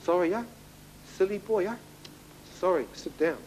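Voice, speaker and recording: A man's voice: high voice, normal speed, darkish tone, slight background noise, voice pushed up, close to an everyday voice, poor audio. A man voicing a mocking young bar owner who speaks broken English and scolds him, tagging his phrases with a questioning "huh?".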